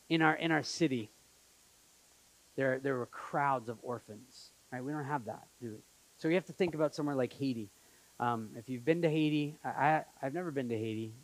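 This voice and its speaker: A man preaching a conversational sermon as pastor, acting out quotes in an animated way. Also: on the high side, poor audio. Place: church in Montreal.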